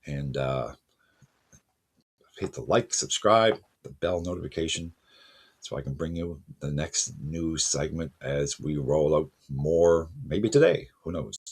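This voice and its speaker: Car channel host, man, very low husky voice, chatty and loose. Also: steady tone, unhurried, darkish tone. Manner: conversational, self-correcting, addresses viewers as folks. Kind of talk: casual spoken commentary to camera.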